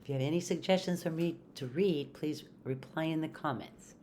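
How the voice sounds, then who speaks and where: An older woman, a retired teacher, reading a picture book aloud to children in a friendly, animated way. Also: deep voice, normal speed, slight background noise. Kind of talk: storybook read-aloud.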